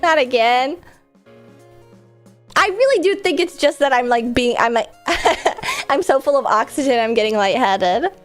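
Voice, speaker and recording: A woman's voice: high voice, lively intonation, measured pace, faint music behind. A woman streamer chatting casually with a stuffy, congested nose, rambling and laughing often. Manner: rambling, filler-heavy, frequent laughs.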